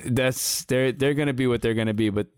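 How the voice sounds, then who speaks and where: Animated stammering man, dry sound. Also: medium pitch, fairly quick, smooth, dry recording. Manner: animated, stammering restarts, slangy. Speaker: podcast co-host. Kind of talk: casual wrestling chat.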